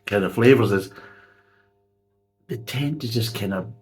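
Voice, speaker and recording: A blunt man giving a casual spoken beer review. He is sarcastic and swears freely. His voice is fairly low. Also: measured pace, darkish tone, soft background music.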